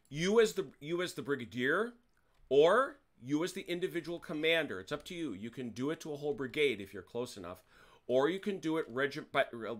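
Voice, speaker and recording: A man hosting a tabletop wargame, walking his players through the rules in a chatty way, often correcting himself mid-sentence and dropping wry jokes. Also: mid-range voice. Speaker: wargame host explaining rules. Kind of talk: casual rules explanation to players.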